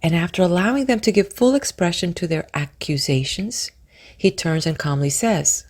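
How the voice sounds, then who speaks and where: A woman narrating an old book of spiritual prose aloud, reading in measured, drawn-out phrases that sometimes sink to a whisper. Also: on the low side, a little mellow. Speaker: audiobook narrator.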